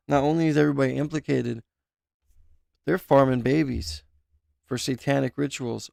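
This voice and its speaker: A man's voice: mid-range voice, steady tone, moderate pace, creaky, pauses often, darkish tone, no echo, studio quality. A man streaming live, reacting with emotional exclamations and speculation as he reads a document aloud and comments on it.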